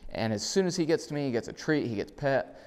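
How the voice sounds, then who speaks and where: A man's voice: fast, long reverb tail. A man demonstrating dog training indoors, explaining casually and calling out upbeat commands to his dog. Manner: relaxed explaining, bursts into high, loud, upbeat dog commands. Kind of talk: casual instructional talk. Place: indoors in a house.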